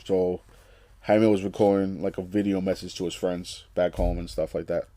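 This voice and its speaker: A man narrating a comic read-along in a casual, explanatory way. His voice is low and mellow, and the sound is dry and close with no room echo. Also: level tone, moderate pace. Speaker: comic reader.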